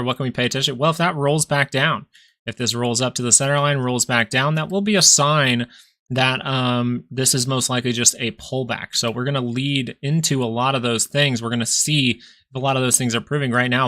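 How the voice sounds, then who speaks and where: A young man hosts a live stock market stream, casually thinking aloud while he reads the charts. His mid-range voice is bright and forceful.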